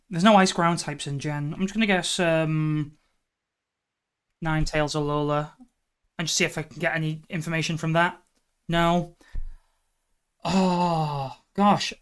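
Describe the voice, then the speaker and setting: Woman streamer, lowish voice, muttering guesses aloud, sudden exasperated outbursts. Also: smooth. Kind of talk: live stream chat while gaming.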